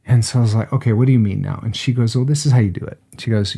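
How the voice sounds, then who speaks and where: Middle-aged male podcast co-host, low voice, chatty storyteller who acts out the quotes. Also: fast, vocal fry, few pauses, dark tone, husky. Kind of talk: casual conversational storytelling.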